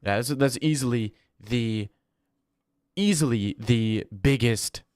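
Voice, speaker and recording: A young man hosts a casual livestream, talking through viewer comments in a loose, rambling, slangy way. His voice sits at an ordinary middle pitch. The sound is dry and close, with no room echo. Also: slow, a little mellow. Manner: rambling, slangy, says "bro" often. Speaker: livestream host.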